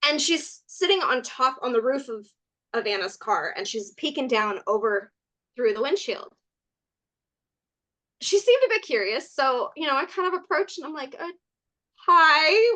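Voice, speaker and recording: A woman from California, a podcast guest, telling stories in a lively, casual way, laughing often and saying "like" a lot. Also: a little high, moderate pace. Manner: animated, laughs often, many "like" fillers. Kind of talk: casual storytelling chat.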